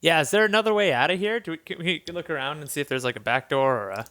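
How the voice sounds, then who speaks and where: A man's voice: fairly high pitch, fast talker, pushed and bright. A man playing a tabletop game, playful and giggly. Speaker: player.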